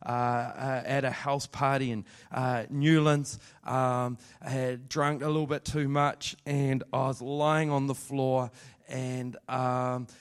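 A man's voice: mid-range voice, flat delivery, slow, smooth. Kiwi pastor guy preaching, honest and rambly, gets fired up praying, normal mid voice. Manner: candid and rambling, building to fervent prayer. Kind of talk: testimony sermon.

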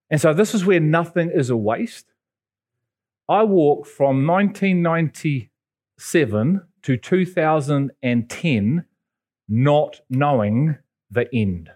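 Animated preacher. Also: male voice. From England. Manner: animated storytelling with sudden high jumps in pitch. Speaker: pastor. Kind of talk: sermon.

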